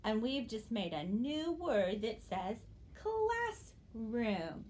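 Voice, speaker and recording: Female teacher for young kids: slow, bouncy intonation, encouraging, light room noise. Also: fairly high pitch, expressive, darkish tone. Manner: slow, drawn-out modeling of words; encouraging, addresses young students directly. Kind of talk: early-grade phonics lesson.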